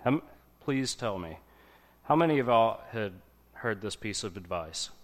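A man giving a casual, conversational sermon to a congregation, often pausing to check in with his listeners. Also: lowish voice, animated. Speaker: preacher.

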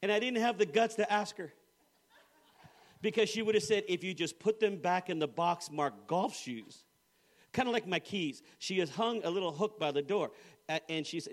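A middle-aged male pastor with a high, light voice, preaching to a church. He tells a funny personal story, slipping into the voices of the people in it before turning to scripture. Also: lively intonation, fairly quick. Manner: storytelling with humor, acting out quoted voices. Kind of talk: sermon.

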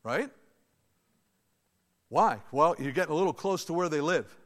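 Speaking at a normal speed, this high-voiced man preaches a sermon in a chatty, animated way, turning to the congregation for asides. The church sanctuary is big, and the sound trails off in a long hall reverb.

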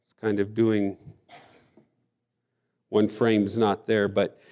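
A man's voice: on the low side, monotone, slow, a little mellow. A man preaching a sermon, earnest and emphatic, often restarting his phrases. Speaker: pastor.

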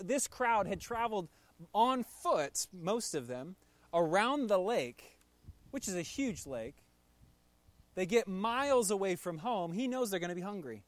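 A man with a slightly raised voice gives a relaxed, conversational sermon. He tells the story with playful asides and speaks to his listeners directly. The recording is dry and close. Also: high-pitched, dry recording. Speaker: pastor.

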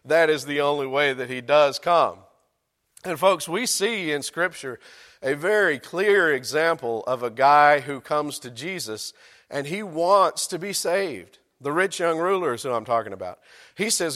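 A man's voice: fairly high pitch, very animated, moderate pace, fairly bright tone. A man, a pastor preaching a sermon in a church, conversational and joking with his congregation. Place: church sanctuary. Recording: long reverb of a church hall.

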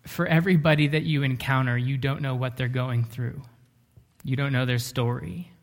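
A man's voice: medium pitch, steady tone. Earnest male preacher telling a story. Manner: earnest, often slows down and drops to a hush for emphasis. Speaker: pastor. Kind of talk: sermon storytelling.

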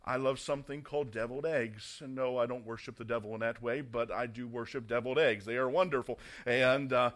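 A man's voice: medium pitch, steady tone, brisk, few pauses, fairly bright tone. A middle-aged man, a pastor, preaching a sermon and telling a humorous story with emphatic asides.

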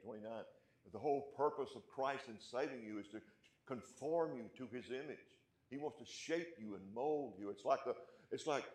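A man preaching a sermon as pastor, asking his congregation questions and punching key points, then dropping to a hush. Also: mid-range voice, reverberant. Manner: emphatic, rising loud on key points, then dropping quiet; asks the congregation rhetorical questions.

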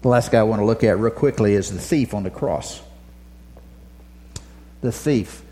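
A man preaching a sermon, telling stories dramatically and dropping from loud passages to a near whisper. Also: fairly low pitch, normal speed.

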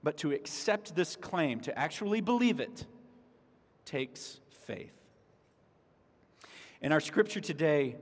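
A man's voice: fairly high pitch, lively intonation, slow pace, pauses often. A man preaching a sermon as pastor, earnest, with repeated words and restarts. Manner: dramatic shouts when voicing the psalm's cries. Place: church sanctuary. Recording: long hall reverb.

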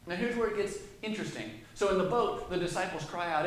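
A man's voice: sits high, expressive, quick pace, slight background noise. Man preaching in a very echoey room. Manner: reads scripture aloud, then explains it conversationally. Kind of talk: sermon with scripture reading.

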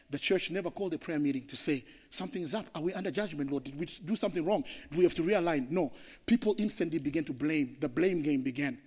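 A man from Zimbabwe, a pastor preaching an impassioned sermon that swings between loud declarations and hushed passages. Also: a little high, big-room sound.

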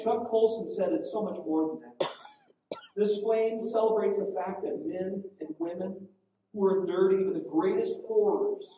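A man's voice: sits high, mellow. A male preacher telling a story in a sermon, earnest, with frequent restarts, in a large hall. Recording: echoey hall from far off.

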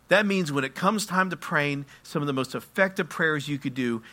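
A man preaching a sermon, moving between quiet explanation and loud, impassioned passages where he acts out prayers. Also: a little high, moderate pace, few pauses. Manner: acts out prayers and quotes in his own voice. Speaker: pastor.

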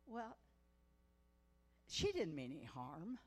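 Her voice is lowish and darkish, unhurried but with big swings in pitch. She's a Missouri guest preacher at a women's conference, moving from folksy testimony stories into fervent preaching, recorded in an echoey church hall.

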